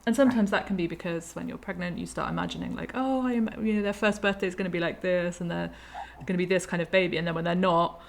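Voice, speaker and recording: A woman's voice: on the low side, steady tone, quick pace, vocal fry, hardly any pauses. A woman hosting a casual podcast conversation, chatty, laughing easily and backchanneling a lot. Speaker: host.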